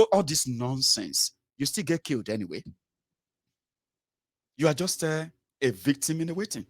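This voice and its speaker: A man's voice: mid-range voice, moderate pace, long pauses, husky, dry recording, studio quality. A Nigerian-accented man ranting through political commentary for his vlog, mixing pidgin into his English. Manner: animated, mixes pidgin into English.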